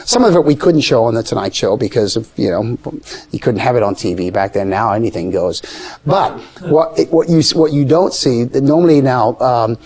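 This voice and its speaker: A man telling a story in casual conversation, animated and acting out the people he quotes. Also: moderate pace. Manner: animated, acts out quoted voices with pitch jumps. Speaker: guest storyteller.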